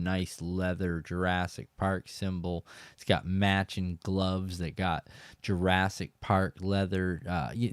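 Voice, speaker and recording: A man hosting a fishing show, telling a rambling, animated story straight to his viewers. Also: deep voice, clear, resonant tone, dry recording, clean studio sound.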